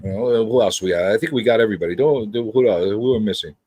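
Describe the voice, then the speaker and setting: A man's voice: lowish voice, fast talker, mellow, slightly rough, no room sound. A man hosting a casual live-stream chat, joking and teasing his co-host and the chat. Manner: joking, teasing, jumps into silly voices. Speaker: podcast host.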